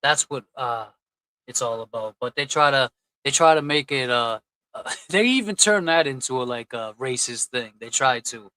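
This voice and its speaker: A man's voice: medium pitch, moderate pace, pushed and bright, clean tone, dry recording, low-quality recording. A man hosting a casual livestream, reading out and thanking chat donors in a loose, chatty way. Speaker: livestream host.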